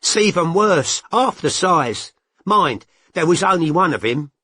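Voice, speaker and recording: A brash, foul-mouthed young mum with blunt slang, as a male narrator puts her on. Her voice sits well above his own and swings lively from line to line, dry and close. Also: lowish voice, measured pace, breathy edge, no echo, voice pushed up, exaggerated voice. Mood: chatty. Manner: blunt, coarse, working-class slang.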